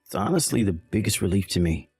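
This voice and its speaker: A man's voice: low voice, lively intonation, fast, darkish tone, husky, faint music behind, exaggerated voice. A man playing a callous, dismissive husband. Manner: dismissive, impatient. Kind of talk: voiced text-message drama.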